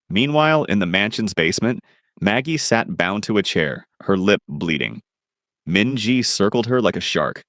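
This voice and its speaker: Lively male story narrator. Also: lowish voice, normal speed, no echo, studio quality. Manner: dramatic, storytelling.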